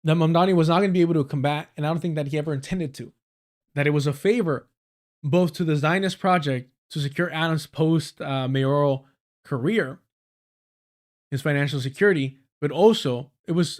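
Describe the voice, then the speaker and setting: A man's voice: a little high, brisk, a little mellow. A man giving profane, sarcastic political commentary on a livestream, reading news passages aloud and breaking into angry rants.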